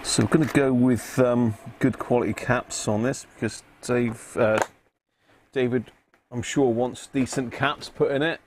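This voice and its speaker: A man hosts a casual live stream, greeting viewers by name and muttering to himself as he works. His voice sits at an ordinary middle pitch. A faint hum of room ambience runs underneath. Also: steady tone, unhurried, a little mellow. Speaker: live-stream host repairing electronics. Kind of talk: casual live-stream chat while working.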